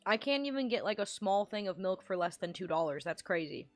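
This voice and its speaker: A woman's voice: mid-range voice, lively intonation, fairly quick, soft background music. A woman streamer in casual livestream chat, ranting and rambling with lots of swearing.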